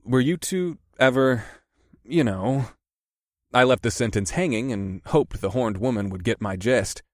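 A man narrating a first-person fantasy audiobook in a steady, measured way. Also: mid-range voice, no room sound, clean studio sound.

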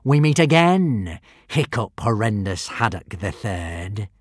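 A man's voice: fairly low pitch, sing-song, takes it slowly, no echo, clean studio sound, heavily acted. A man voicing a treacherous, scheming villain in an audiobook, with a sneering, hissing drawl. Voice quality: sneering, hissing drawl, mangled foreign words. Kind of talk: audiobook character voice.

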